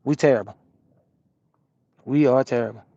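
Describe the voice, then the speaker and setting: A man from Atlanta, a truck driver chatting casually on a live stream and answering viewers' comments in a relaxed, repetitive way. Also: mid-range voice, moderate pace, vocal fry, no echo, highs cut off. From Atlanta, USA.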